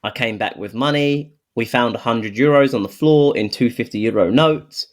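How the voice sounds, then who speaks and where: An easygoing man co-hosts a casual podcast. He tells his anecdotes at an ordinary pitch and chuckles along as he goes. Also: normal speed. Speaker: podcast co-host. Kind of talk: casual storytelling chat.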